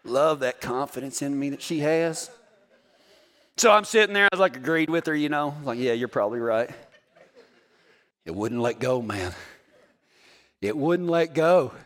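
A man in his forties preaches a storytelling sermon, folksy and full of jokes. His voice sits high and swings widely up and down, with a bright, forceful edge. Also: normal speed, pauses often. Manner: folksy, joking, animated storytelling.

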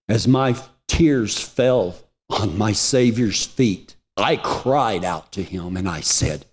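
A man preaching a sermon, telling a personal testimony with emotion, moving from hushed lines to soaring ones. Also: medium pitch.

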